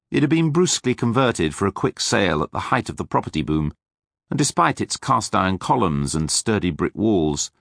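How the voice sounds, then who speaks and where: A man narrating an audiobook in a wry, measured way. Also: lowish voice, vocal fry, fairly bright tone, no echo, clean studio sound. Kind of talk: scripted narration.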